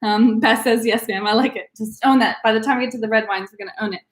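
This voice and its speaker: A woman's voice: on the high side, fairly even intonation, fast, echoey room. A woman leading a live online wine tasting class as instructor, upbeat and coaching, with frequent ums. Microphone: video call.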